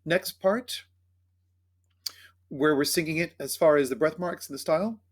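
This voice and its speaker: A man teaching choir singers the words and phrasing of a carol, explaining pronunciation and singing short phrases to demonstrate. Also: fairly high pitch. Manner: coaching diction, speaking then singing phrases slowly. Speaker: choir director. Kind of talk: choral rehearsal instruction with sung demonstrations.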